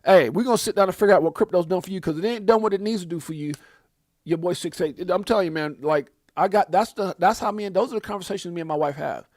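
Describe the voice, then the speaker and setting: A man hosting a casual livestream, rambling and heartfelt, with preacher-like turns of phrase. His voice sits a little high. The sound is dry and close, with no room echo. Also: fast, a little mellow. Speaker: crypto livestream host.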